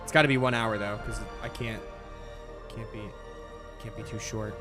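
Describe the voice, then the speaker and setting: A man's voice: fairly low pitch, fairly even intonation, moderate pace, over music. A young man streaming a game, rambling casually with lots of swearing, restarts and "bro". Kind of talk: casual gameplay commentary.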